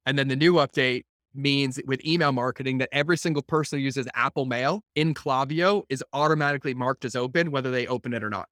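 A man hosting a podcast, talking casually to a group of entrepreneurs on a video call, animated and blunt, acting out quotes as he goes and swearing now and then. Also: mid-range voice, fast, hardly any pauses, no echo, clean studio sound. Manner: animated storytelling with acted-out quotes. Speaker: podcast host speaking to entrepreneurs.

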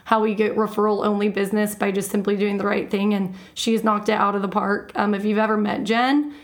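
A woman's voice: mid-range voice, little pitch movement, fairly quick. A woman who leads a real estate team, chatting and laughing easily in a casual interview.

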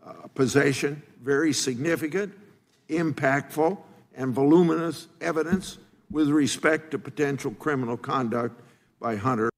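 An older man who is a politician, reading a formal prepared statement in a slow, deliberate, halting way. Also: a little high, in a large hall.

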